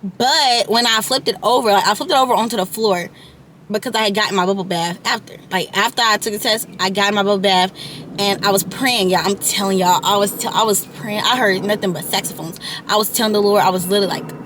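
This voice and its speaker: A woman's voice: medium pitch, brisk, background noise. An eighteen-year-old woman vlogger telling a casual storytime monologue into her camera mic, rambling with lots of "like" and "y'all" asides.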